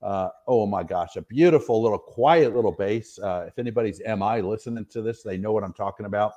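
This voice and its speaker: On a muffled recording, a lowish, mellow male voice talks a bit fast. He's a middle-aged retired soldier from the US Northwest, chatting as an interview guest, telling long, rambling, self-deprecating stories with lots of fillers.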